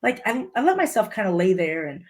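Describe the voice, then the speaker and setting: Woman guest, mid-pitched, punchy motivational storyteller. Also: sing-song, fairly quick, darkish tone. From Litchfield, Illinois, US. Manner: emphatic, repeats key phrases. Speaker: podcast guest.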